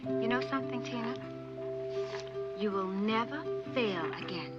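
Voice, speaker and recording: An actress playing a firm, devoted schoolteacher who patiently encourages struggling children. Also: female voice, on the high side, measured pace, over loud music, lightly acted. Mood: gently firm. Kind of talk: film drama acting. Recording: slightly dull film soundtrack.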